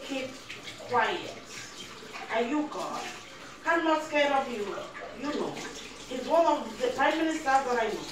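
A woman's voice: sits high, sing-song, normal speed, background noise. A middle-aged woman with a Nigerian accent, giving an emphatic, rambling spiritual monologue to camera as a vlogger. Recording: echoey room.

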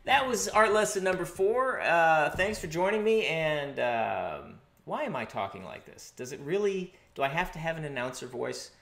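A man's voice: on the high side, sing-song, unhurried, vocal fry, echoey room. A man giving a rambling, tongue-in-cheek art lesson monologue, meandering and repeating words. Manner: meandering, repeats words, sudden swoops up into a loud sing-song. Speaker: self-styled art teacher.

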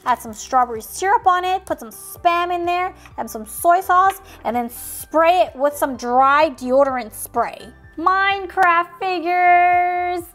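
A woman's voice: very high-pitched, slow, few pauses, fairly bright tone, faint music behind. A woman hosting a toy unboxing video, narrating in a silly, playful way and making sound effects.

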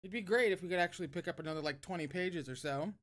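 A woman hosting a casual livestream, chatting warmly and self-deprecatingly between reading a novel aloud. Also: fairly low pitch, fast talker.

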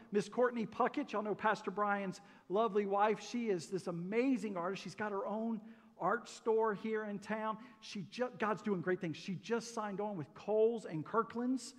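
A male pastor with a fairly high voice, preaching a folksy, joking sermon. He keeps asking the congregation questions. His voice carries the long reverb of a church sanctuary. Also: normal speed, a bit bright.

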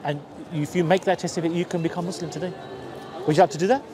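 A man's voice: on the high side, steady tone, very fast. A man from East London with a Cockney accent, preaching earnestly outdoors and often restarting his sentences. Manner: earnest, repetitive, frequent restarts. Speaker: street preacher. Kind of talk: persuasive street preaching. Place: outdoors on a busy city street. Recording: busy street crowd noise.

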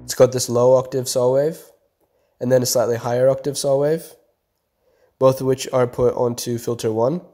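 A mellow young beat producer teaches a tutorial in a casual voice-over, explaining step by step with "kinda" and "like." His medium-pitched voice is level and moves at normal speed, with faint music behind him.

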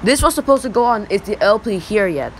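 A young male YouTuber in his teens giving rambling, excitable reaction commentary over old photos. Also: sits high, a little fast, a little hiss or hum, low-quality recording. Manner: rambling, excitable, repeats "look".

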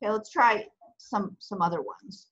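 A woman leads a language class over a video call, walking students through each step with patience. Her voice is soft and airy. The sound is a little muffled. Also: medium pitch, normal speed. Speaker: Arabic teacher. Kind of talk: online language lesson.

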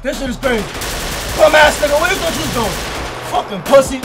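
A man commentating a shooting game, trash-talking loudly with profane outbursts, his voice hoarse from yelling. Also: very high voice, lively intonation, fast talker. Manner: loud, profane trash talk with yelled outbursts. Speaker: gaming YouTuber. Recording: game music and gunfire underneath. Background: game gunfire and music.

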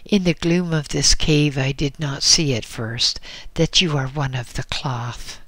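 A man voicing a huge, boisterous Tibetan trader who bellows and booms in a slow story reading. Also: bright, forceful tone, dry recording. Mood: jovial. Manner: bellowing, booming.

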